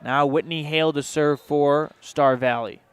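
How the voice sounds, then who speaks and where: A man calling a volleyball match as play-by-play announcer on local radio, reading rapid action with sponsor mentions. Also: on the high side, fairly even intonation, clean tone, no room sound. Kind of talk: local radio sports commentary.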